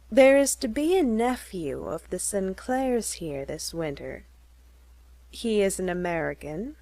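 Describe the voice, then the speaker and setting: A woman's voice: medium pitch, no room sound. A woman reading a knowing society letter-writer.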